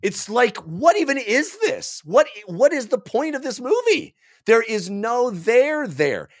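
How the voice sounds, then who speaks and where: A man co-hosting a film podcast, ranting in an animated, exasperated way about a movie in casual review chat. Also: very high voice, a little slow.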